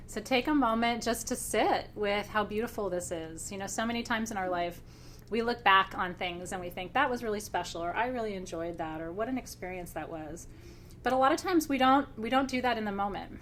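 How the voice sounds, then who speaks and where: Woman, mid-pitched, hosting a live spiritual class: excited and emotional, laughing, with slow reflective pauses and faint background hiss. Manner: emotional and excited, laughs often, clears her throat. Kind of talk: live-streamed class, warm conversational teaching.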